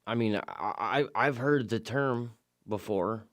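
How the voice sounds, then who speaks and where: Deadpan young man with a low voice. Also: slow, no room sound. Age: young adult. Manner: dry, deadpan quips. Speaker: radio co-host. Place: radio studio.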